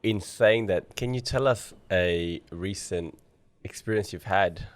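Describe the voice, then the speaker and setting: A man hosting a podcast who chats casually and steers the talk with relaxed questions. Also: low voice, a little slow, no echo. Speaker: podcast host. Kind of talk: casual conversational interview.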